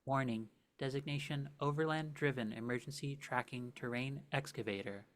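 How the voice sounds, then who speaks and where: Robotic machine alert voice, flat clipped directives, tabletop game, a man putting it on. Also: medium pitch, normal speed, close to an everyday voice. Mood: mechanical. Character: cold robotic warning voice of a machine.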